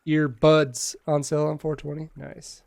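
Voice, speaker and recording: Man streamer, gravelly, slightly high voice, dry close mic, reads game text casually with jokes. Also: flat delivery, measured pace, darkish tone, no room sound. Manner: casual, joking, reads text aloud with asides. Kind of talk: reading game dialogue aloud and chatting with viewers.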